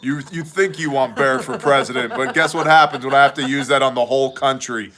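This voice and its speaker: A man's voice: medium pitch, fairly even intonation, fairly quick, a crowd in the background. A man hosting a casual livestream, reading viewer messages and joking around in a rambling way. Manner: joking, rambling, drifts into mock voices. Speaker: livestream host and ministry leader.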